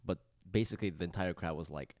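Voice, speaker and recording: Low-voiced man telling a rambling story. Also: quick pace, no echo, studio quality. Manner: rambling storyteller with many fillers, swings into loud mimicry. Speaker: stand-up comedian. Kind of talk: casual podcast chat.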